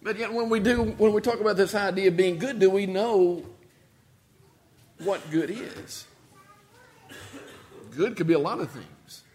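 A man preaching a sermon, telling a story with sudden shifts between loud and quiet and repeating key phrases for emphasis. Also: high voice, a little slow, pauses often, slight background noise. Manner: storytelling with dramatic swings in loudness and pace.

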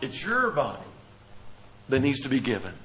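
A man's voice: medium pitch, wildly swooping pitch, moderate pace, a bit bright, slight background noise, poor audio. A man, the pastor, preaching a sermon, reading scripture aloud and asking the congregation questions he then answers.

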